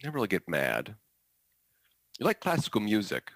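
A man's voice: on the low side, wildly swooping pitch, normal speed, a bit bright, no echo, pitched above the performer's own voice, full character voice. A man voicing a blunt, curious teenage boy student who asks straight out what he thinks. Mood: matter-of-fact. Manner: blunt, casual.

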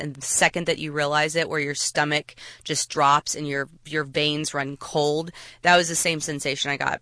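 A woman telling a personal story to an audience, halting, with frequent restarts. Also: low-pitched, bright, forceful tone, dry recording.

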